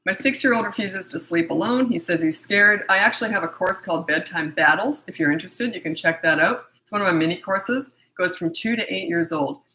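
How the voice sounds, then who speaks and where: A middle-aged woman answers parenting questions in a casual Q&A, giving advice in a blunt, matter-of-fact way. Her voice is on the low side yet bright and forceful, slightly scratchy, and she talks fairly quickly with few pauses.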